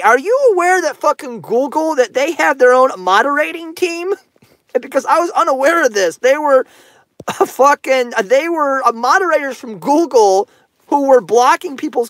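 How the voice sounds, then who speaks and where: A man's voice: extremely high pitch, a bit bright, no room sound. A man ranting on his own channel, profane and rambling, repeating himself. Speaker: YouTube commentator. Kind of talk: ranting commentary.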